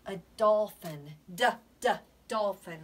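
A woman teaching a preschool lesson, sounding out letters slowly with playful gasps and soft asides. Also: mid-range voice, a little hiss or hum. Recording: voice from a distance.

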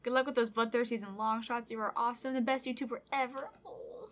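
A young woman chatting in a casual vlog, bubbly and excitable, her voice jumping high and getting teary as she opens fan mail. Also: fast. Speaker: YouTuber. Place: home room with packages.

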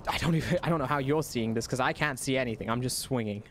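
A young man giving excited, profanity-laced commentary while he plays a video game and taunts the enemy out loud. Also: mid-range voice, fast. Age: young adult. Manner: excitable, swears, talks to the enemy. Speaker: gaming YouTuber. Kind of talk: live gameplay commentary. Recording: noisy game sound under voice.

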